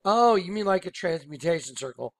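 A man leading an informal screen-share Bible study, excited and rambling, often telling listeners to watch. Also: sits high, fairly quick, no echo. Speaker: Bible teacher.

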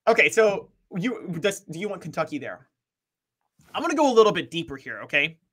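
A man's voice: sits high, big pitch swings, brisk, bright, forceful tone, husky. A young man co-hosting a sports talk show, making his points in an emphatic, argumentative way.

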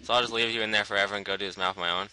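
A man's voice: on the low side, fairly even intonation, racing, sharp tone, a little hiss or hum, poor audio. A man chatting casually while playing a co-op game, joking and reading signs aloud. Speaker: gamer. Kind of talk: casual co-op gameplay chat.

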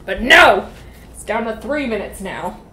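A woman's voice: fairly high pitch, lively intonation, measured pace, bright, forceful tone. A young adult woman co-hosting a podcast in casual banter, loose and profane and laughing often, talking over a video call from a room at home. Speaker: podcast co-host. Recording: echoey room, noisy background.

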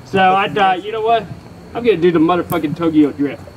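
A young man with a Texan accent and a high voice delivers a brisk, rambling, profane stand-up set before a live crowd, packed with fillers and self-mocking asides. The audio is poor, and the audience can be heard laughing at the comedy venue.

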